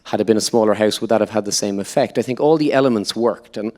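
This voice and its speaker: Lively Irish man telling stories. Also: on the low side, fast talker. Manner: lively anecdotal storyteller, quotes others in voices. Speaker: actor guest on a panel. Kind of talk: on-stage Q&A storytelling. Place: live event venue before an audience.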